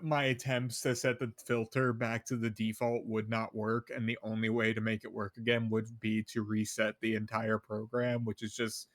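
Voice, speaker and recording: A man's voice: lowish voice, little pitch movement, normal speed, hardly any pauses, dry recording, studio quality. A man chatting casually on a stream, rambling with lots of fillers and restarts. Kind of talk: casual chat.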